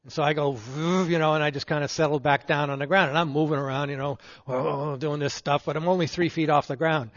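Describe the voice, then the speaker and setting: A man's voice: fairly high pitch, quick pace, few pauses. An older man and veteran, telling war stories to an audience and chuckling as he goes, then introducing the next speaker at a handheld microphone. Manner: chuckles through his stories, animated. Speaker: veteran and event emcee. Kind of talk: anecdotal storytelling to an audience. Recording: muffled sound in a reverberant hall.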